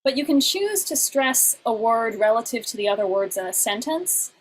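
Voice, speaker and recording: A woman's voice: fairly high pitch, animated, normal speed, slight background noise, poor audio. Woman teaching an online class. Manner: explanatory, with frequent fillers and restarts.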